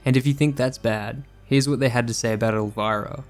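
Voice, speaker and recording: A man reading a scripted true crime narration in a measured, sombre manner. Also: medium pitch, steady tone, soft background music.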